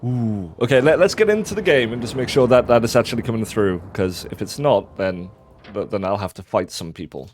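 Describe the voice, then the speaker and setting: A man's voice: lowish voice, lively intonation, fairly quick, a little mellow, slight background noise. A man hosting a game stream, chatty and teasing, often stammering as he restarts his sentences. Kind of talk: casual let's-play chat.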